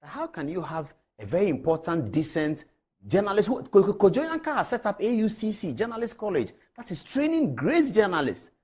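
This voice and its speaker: A man's voice: high-pitched, wildly swooping pitch, fairly quick, a little mellow, breathy edge. A middle-aged man with a Ghanaian accent hosting a TV talk show, speaking to viewers and emotionally retelling a phone call with quoted dialogue. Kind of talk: on-air commentary to viewers.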